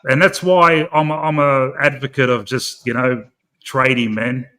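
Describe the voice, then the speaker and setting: A man's voice: medium pitch, steady tone, unhurried, pushed and bright, rough recording. A man in casual chat on a late-night call, talking bluntly and swearing freely.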